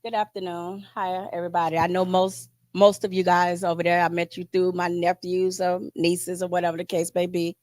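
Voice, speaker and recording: A woman, an aunt, giving a heartfelt, informal tribute at a memorial with pauses and restarts. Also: on the low side, level tone, a little mellow, no room sound, clean studio sound. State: choked up, near tears. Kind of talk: emotional memorial speech.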